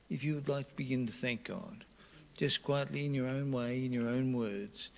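A male pastor leading communion and prayer, with slow, repetitive prayerful phrasing. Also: mid-range voice, creaky, slight background noise.

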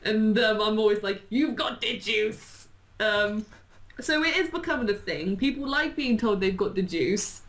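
A woman's voice: medium pitch, animated, moderate pace. A woman chatting casually as a YouTuber being interviewed, bubbly and rambling. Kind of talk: casual chat. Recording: echoey room.

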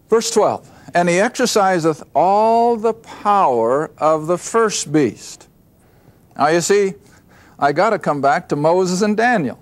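A man with a high, gravelly voice and no room sound leads a Bible study. He reads verses aloud and explains them, often posing questions and answering them himself.

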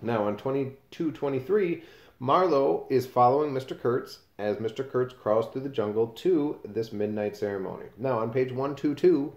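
A man's voice: mid-range voice, moderate pace, darkish tone, muffled recording. A man teaching a class, explaining a novel in a casual way and reading passages aloud with page numbers. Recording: roomy echo.

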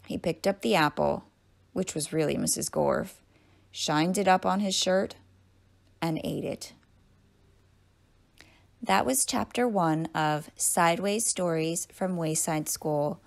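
A woman's voice: fairly low pitch, slow, long pauses. A woman librarian reading a children's book aloud and then signing off to listeners. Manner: clear, storytelling read-aloud.

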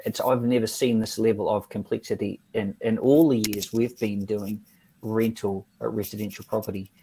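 A man, speaking as an accountant on a webinar panel over a video call, halting with fillers and restarts. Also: fairly low pitch, fairly even intonation, mellow, slight background noise, rough recording. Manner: hesitant, many fillers and restarts.

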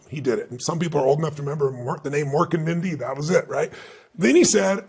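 Male guest speaker, fairly high pitch, gravelly rasp, animated interview storyteller. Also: fast. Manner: animated, emphatic storyteller who acts out quoted dialogue. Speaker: guest author and motivational speaker.

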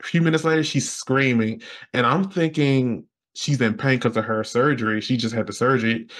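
A man talking loosely with plenty of fillers as he tells his own story to a podcast host. His voice sits in an ordinary middle pitch and springs up high whenever he mimics other people's words. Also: moderate pace. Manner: animated, jumps high when quoting others. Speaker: podcast guest. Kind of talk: casual interview storytelling.

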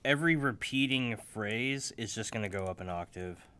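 Young guy mumbling and joking while making beats, kinda low voice, keyboard clicks behind. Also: normal speed, clean tone. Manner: joking, self-mocking, swings between loud and mumbled. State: still waking up. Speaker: music producer. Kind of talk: casual talk while making a beat. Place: home office.

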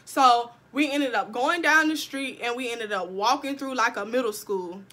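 High, bright-voiced young woman telling a story. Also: moderate pace. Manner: animated, profane, talks straight to viewers. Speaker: vlogger. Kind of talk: casual storytime.

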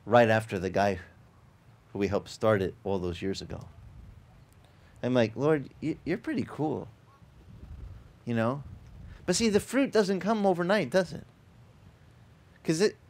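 A middle-aged male pastor preaching a conversational sermon at a beach service. His voice sits at an ordinary middle pitch, and he wanders through anecdotes with restarts and asides before he pushes into louder, emphatic encouragement. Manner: conversational storytelling, many restarts, rising to emphatic exhortation.

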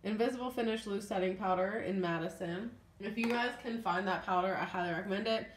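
A woman's voice: mid-range voice, brisk. Young woman rambling about makeup, kinda sniffly, lots of ums, echoey room with a bit of hiss. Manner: chatty, rambling, trailing off with ums. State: sniffly, feeling unwell. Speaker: beauty vlogger. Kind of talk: casual makeup declutter chat. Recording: echoey room with faint noise.

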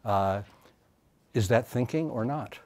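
A man giving an academic lecture as a professor, talking thoughtfully and haltingly with many fillers and restarts. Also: mid-range voice, a little mellow.

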